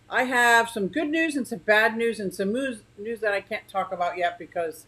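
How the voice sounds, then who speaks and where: A woman's voice: mid-range voice, moderate pace, a bit bright, poor audio. A woman hosting a casual livestream from her living room, rambling chattily and greeting viewers by name. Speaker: aquarium channel host.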